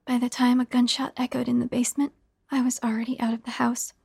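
A woman narrating a first-person horror story in a hushed, half-whispered delivery. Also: a little high, flat delivery, fast, vocal fry, breathy edge, no room sound.

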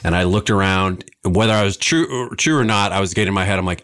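A man's voice: low-pitched, moderate pace, few pauses, a bit bright. A man chatting as a podcast guest, telling a rambling story full of swearing and restarts. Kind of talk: casual chat.

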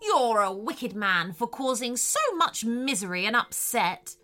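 A woman reading a children's story, voicing a kind but stern female scientist who talks briskly and confidently. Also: fairly high pitch, lively intonation, bright, forceful tone, faint music behind.

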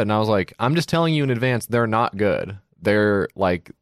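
A man's voice: lowish voice, moderate pace, dry recording, clean studio sound. A middle-aged man co-hosting a podcast, rambling through stories and acting out quoted voices in casual chat. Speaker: podcast co-host.

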